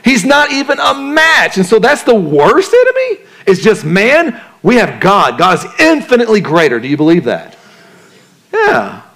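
A man preaching a sermon to a congregation, talking in a relaxed way, asking them questions and joking in casual slang. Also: high-pitched, normal speed. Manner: conversational, asks the congregation questions; uses casual slang and jokes. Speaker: pastor.

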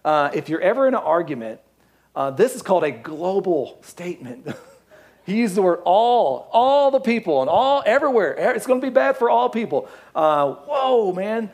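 A man's voice: on the high side, darkish tone. Jokey man teaching scripture. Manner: conversational, jokey asides, stumbles over names; reads scripture aloud, then paraphrases. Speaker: Bible teacher. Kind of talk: casual Bible teaching with reading.

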